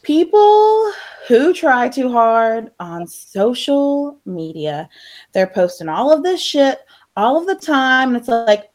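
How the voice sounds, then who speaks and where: A woman's voice: high voice, big pitch swings, slow, a little mellow. A woman co-hosting a casual group chat, bubbly and giggly as she rants. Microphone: video call.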